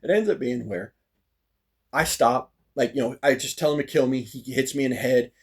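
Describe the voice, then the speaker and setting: A man with a husky, slightly breathy voice spins a casual personal story, sitting at a middling pitch. He talks in an animated way, with frequent fillers, and acts out the lines of the people in it. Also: moderate pace. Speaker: storyteller recounting a fighting practice.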